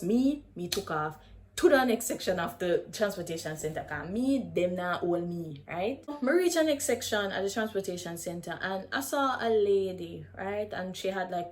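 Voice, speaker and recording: A young woman with a Jamaican accent telling a casual storytime, animated and slipping in and out of patois. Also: medium pitch. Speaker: vlogger.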